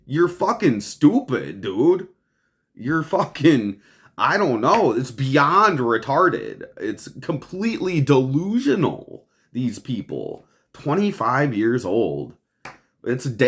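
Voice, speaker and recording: A man's voice: medium pitch, fairly bright tone. A man hosting a podcast, ranting over the news in a profane, exasperated way and laughing often. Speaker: podcast host.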